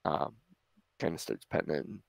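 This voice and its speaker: A man running a tabletop game as game master, narrating in a relaxed, halting way with many fillers. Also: very deep voice, gravelly, dry recording.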